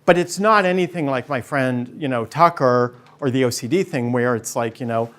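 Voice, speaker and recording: A man appears as a guest before a studio audience, spinning energetic stories and acting out the voices of the people in them. His voice is mid-range at a moderate pace, with a faint hiss or hum in the recording.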